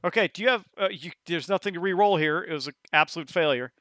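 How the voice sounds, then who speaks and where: A man narrating as game master of a tabletop horror game, talking in halting bursts with many restarts. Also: high-pitched, pushed and bright, dry recording.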